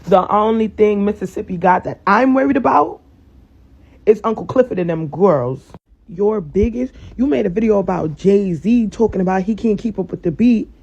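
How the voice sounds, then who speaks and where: High, gravelly man roasting, lo-fi sound. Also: moderate pace, darkish tone. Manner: mocking, matter-of-fact. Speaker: TikTok responder. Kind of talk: sarcastic roast.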